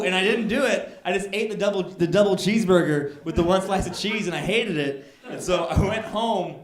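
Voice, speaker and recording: A man performs stand-up in a high, lively voice. He tells his stories by acting out the other people in them and builds to loud, exasperated outbursts. The room is echoey and an audience laughs throughout. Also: fast. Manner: storytelling, acts out people, gets loud and exasperated. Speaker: stand-up comedian. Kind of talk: stand-up comedy. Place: comedy club stage. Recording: echoey club with crowd laughter.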